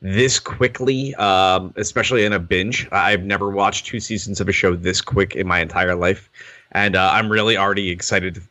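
A man's voice: sits low, fairly even intonation, moderate pace, pushed and bright, no room sound. A man co-hosting a podcast, chatting casually in a rambling way that keeps interrupting itself. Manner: rambling, self-interrupting, laughs often. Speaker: podcast co-host. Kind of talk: casual chat.

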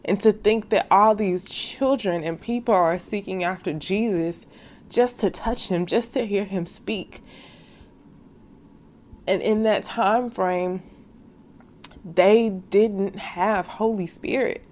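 A woman's voice: medium pitch, slow, a little mellow. A young woman hosting a faith podcast, speaking earnestly and casually to her listeners and calling them sis. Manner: casual slangy speech. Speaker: podcast host.

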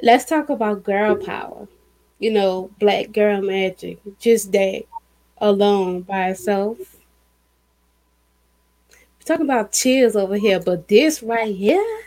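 Slow-talking blunt woman co-host. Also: medium pitch, expressive, a little mellow, rough recording. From Louisiana. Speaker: podcast co-host. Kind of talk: casual chat.

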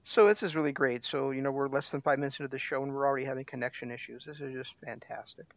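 Gravelly-voiced man hosting a show. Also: medium pitch, fast talker. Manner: rambling, many restarts. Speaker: host. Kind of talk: casual radio show talk. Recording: dry, slightly dull lo-fi sound.

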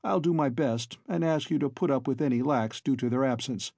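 A wary, well-groomed hacienda master and father who gives curt, formal orders, as a male narrator reads him. The voice stays close to the narrator's own husky, dark tone. It is recorded dry and close. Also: medium pitch, a little fast, no echo. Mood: hospitable.

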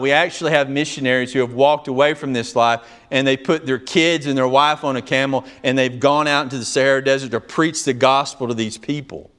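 A man's voice: medium pitch, a bit bright, clear, resonant tone. A male pastor preaching a sermon, telling stories with emphatic delivery and acting out dialogue.

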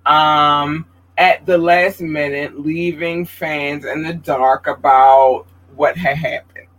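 Taking it slowly on poor audio, a man hosts a casual livestream podcast, chatting expressively and speaking directly to his viewers. He reads out their comments, and his voice climbs high whenever he gets excited.

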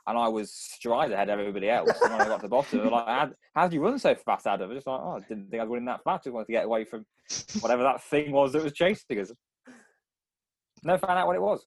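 A man's voice: mid-range voice, lively intonation, racing, no room sound. A young man, co-hosting a casual podcast and telling rambling stories full of restarts. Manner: rambling storyteller, many restarts. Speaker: podcast co-host.

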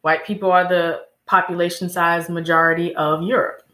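A woman's voice: fairly low pitch, little pitch movement, moderate pace, sharp tone. A woman answering interview questions in an emphatic, lecturing way, often listing examples. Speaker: guest. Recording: echoey room.

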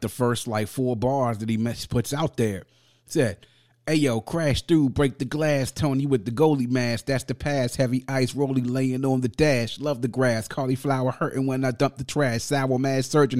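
A man's voice: medium pitch, darkish tone. Enthusiastic man reviewing an album. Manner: enthusiastic, slangy, laughs often, reads lyrics aloud. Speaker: podcast music reviewer. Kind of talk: casual spoken review.

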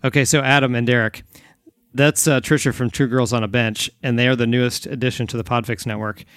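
A man's voice: medium pitch, fairly even intonation, a little fast, a bit bright, dry recording. Male podcast host, casual and rambling, dry close sound. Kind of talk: casual chat.

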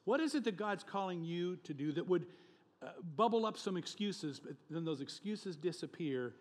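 A male pastor preaching a sermon with emphatic, animated delivery, often chuckling between points. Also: high-pitched, moderate pace, long reverb tail.

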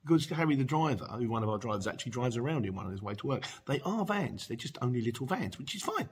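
Very fast and expressive, a middle-aged man with a medium-pitched voice hosts a podcast, reading listener messages and chatting casually. He rambles, restarts often, adds asides, and laughs a lot.

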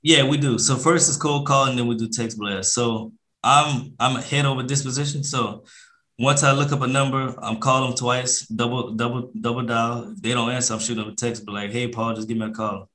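A man's voice: medium pitch, fairly even intonation, a little fast, pushed and bright. Laid-back slangy man talking business. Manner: laid-back, slangy, acts out phone calls in a livelier voice. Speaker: podcast guest, real estate investor. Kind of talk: casual interview talk.

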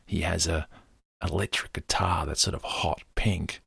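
Low, raspy man; loose, meandering storyteller, gravelly edge. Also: steady tone, normal speed, a bit bright, dry recording, studio quality. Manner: rambling, loose storytelling with many fillers. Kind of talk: casual retelling of a film scene.

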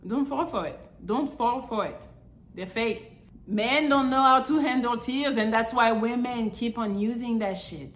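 Crude and animated, a woman hosting a podcast gives frank relationship advice and ridicules the people she describes, often switching into mocking impressions of them. She speaks a little slowly in a higher register, and the sound is reverberant.

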